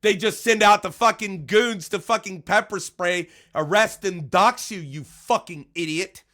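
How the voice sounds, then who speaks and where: A man giving heated, profane reaction commentary, dropping to low mutters and then shouting, stammering over his words when worked up. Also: measured pace. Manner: stammering restarts when agitated. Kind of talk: angry ranting commentary.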